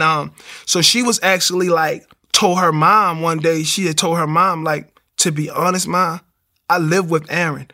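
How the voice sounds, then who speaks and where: A man tells his faith story in a casual interview. His voice is gravelly and bright and sits a little high. He acts out what people said to him. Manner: animated storytelling, acts out quotes. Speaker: guest sharing testimony.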